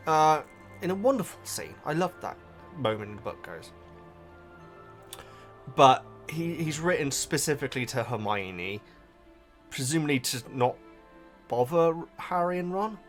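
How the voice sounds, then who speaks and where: A man hosting a casual book reaction, animated and emotional, with frequent restarts. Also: a little high, measured pace, long pauses, soft background music.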